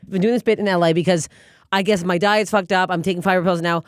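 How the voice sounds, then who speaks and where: Fast-talking blunt woman comedian. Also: fairly low pitch, smooth, no echo, clean studio sound. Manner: blunt and profane, animated storytelling. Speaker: comedian guest. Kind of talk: casual podcast chat.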